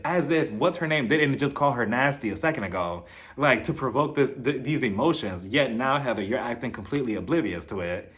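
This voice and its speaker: A man's voice: mid-range voice, animated, a little fast, fairly bright tone. A man recapping a reality TV episode in a casual, sassy way, laughing and talking straight to the people on the show. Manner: sassy, laughing asides, talks straight to the cast.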